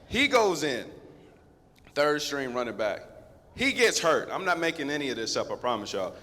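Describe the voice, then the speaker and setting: A man in his thirties, a guest speaker at a school, telling a lively story straight to the students. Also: mid-range voice. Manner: lively, conversational, addresses the crowd directly. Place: school assembly hall. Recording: long echo of a big hall.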